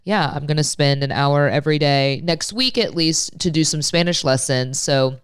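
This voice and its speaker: A woman's voice: deep voice, normal speed, smooth, no echo, studio quality. A woman in her late thirties with a stuffy, congested head cold, chatting casually and self-deprecatingly as a podcast co-host. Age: late 30s.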